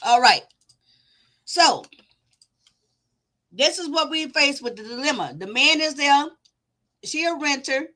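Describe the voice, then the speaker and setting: Bright, high-voiced woman host, casual. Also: animated, slow pace, pauses often. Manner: casual, talks things through with her viewers. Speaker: commentary channel host. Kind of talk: reacting to a clip and reading viewer comments.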